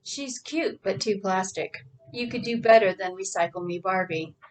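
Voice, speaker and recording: A woman's voice: medium pitch, moderate pace, far from the mic, a little hiss or hum, natural voice. A woman voicing a sarcastic, bitter young woman who speaks in a dry manner. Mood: wry.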